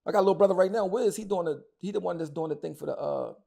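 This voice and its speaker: Middle-aged philly guy going off in an interview, fast and emphatic, kinda high and raspy. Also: dark tone. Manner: angry, emphatic, repeats himself, curses a lot. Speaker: interview guest. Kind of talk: heated casual interview talk.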